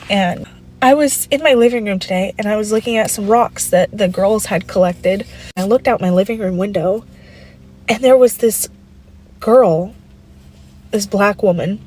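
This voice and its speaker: Earnest, rambling mom telling a story. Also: female voice, mid-range voice, a little mellow, low-quality recording. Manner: earnest, rambling, with frequent ums. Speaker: stay-at-home mom. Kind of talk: personal storytelling vlog.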